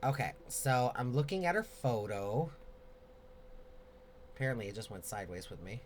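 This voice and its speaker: A man with a mid-range voice hosts a casual live Q&A, answering viewer questions in a rambling, openly expressive way. A faint hiss of background noise sits under his speech. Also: mid-range voice, moderate pace.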